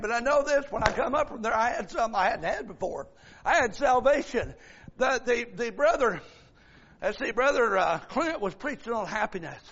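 A man's voice: very high-pitched, fairly bright tone, muffled recording. A man preaching a sermon, quoting scripture and drawing out key phrases with fervor. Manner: fervent, drawn-out preaching with scripture quotes.

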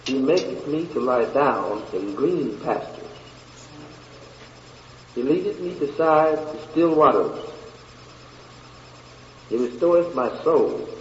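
A man preaching a sermon and reading scripture slowly and deliberately, with long pauses between phrases. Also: medium pitch, roomy sound, in a large hall, muffled recording, slight background noise.

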